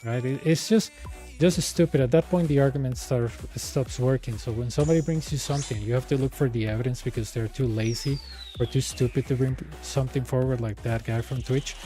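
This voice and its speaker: A man's voice: medium pitch, brisk, warm tone, soft background music. A man whose first language is Spanish, chatting casually as a streamer and animatedly retelling an argument in back-and-forth quotes. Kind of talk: casual chat.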